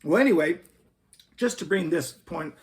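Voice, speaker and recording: A man hosting a Christian commentary video. He talks in an earnest, preacherly way and reads scripture aloud. His voice sits high and swings widely in pitch. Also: animated, normal speed. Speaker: host.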